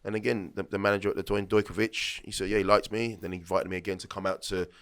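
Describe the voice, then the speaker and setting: Deep yet fairly bright and smooth, this man's voice is fast with little pitch movement. A former footballer in his late thirties, he's a podcast guest telling rambling stories in a conversational way, restarting and acting out quoted lines.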